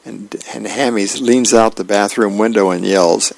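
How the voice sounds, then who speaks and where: Man, gravelly voice, slow steady pace, volunteer newspaper reading, plain delivery, small hesitations, dry close sound. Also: lowish voice, no room sound, poor audio. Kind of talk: reading the newspaper aloud on radio.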